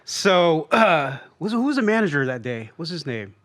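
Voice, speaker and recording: A man's voice: on the high side, sing-song, moderate pace, fairly bright tone. A man from Long Beach, California, a guest telling a story in casual podcast talk, rambling with restarts and acting out quotes. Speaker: guest and road companion.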